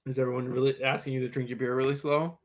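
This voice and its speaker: A man co-hosting a casual livestream chat, talking in animated, defensive bursts that jump to loud exclaiming. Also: mid-range voice, fast. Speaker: co-host.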